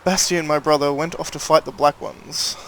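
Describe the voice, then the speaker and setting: A man puts on an earnest villager in archaic phrasing, voice a little high. He reads steadily and pleadingly, with a faint hiss behind. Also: fairly even intonation, moderate pace, fairly bright tone.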